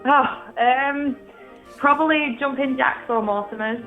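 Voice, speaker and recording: A woman's voice: high-pitched, measured pace, narrow, tinny audio, faint music behind. A woman from Wigan, calling in to a radio show and giving laid-back, understated answers. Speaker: caller. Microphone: phone line.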